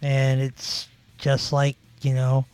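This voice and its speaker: A man's voice: mid-range voice, monotone, takes it slowly, a little mellow, clear, resonant tone. A man in his forties hosting a podcast, telling rambling stories in casual chat with lots of fillers. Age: 40s. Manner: rambling, filler-heavy storytelling. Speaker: podcast host.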